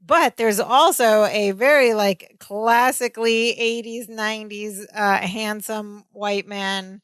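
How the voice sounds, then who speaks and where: A woman's voice: medium pitch, fairly even intonation, slow pace, a bit bright, clear, resonant tone, dry recording. Chatty woman co-hosting a podcast. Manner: chatty, laughs often, quotes characters. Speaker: podcast co-host. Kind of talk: casual chat recapping a sitcom episode.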